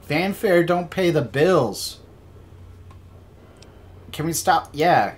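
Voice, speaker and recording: A man streaming a game live, reacting with excitable, jokey commentary and frequent laughter and swearing. He talks slowly, stretching his words out, while his pitch leaps around animatedly.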